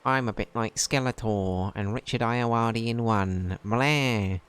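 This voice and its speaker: A man's voice: fairly low pitch, takes it slowly, a bit bright, smooth, voice pushed up. A man putting on the voice of a sneering, gaunt male official, exaggerated and mocking.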